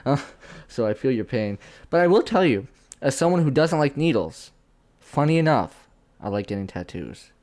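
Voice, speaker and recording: A man hosting a casual chat, relaxed and responsive, who swears casually. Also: mid-range voice, moderate pace. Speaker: podcast host.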